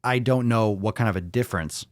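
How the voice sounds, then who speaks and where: A young male podcast host talks in a low register, drifting from thought to thought and swearing casually. He keeps turning to his live viewers with questions. The sound is dry and close, with no room echo. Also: fairly quick. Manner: rambling, profane, asks the audience questions. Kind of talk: casual livestream chat with viewers.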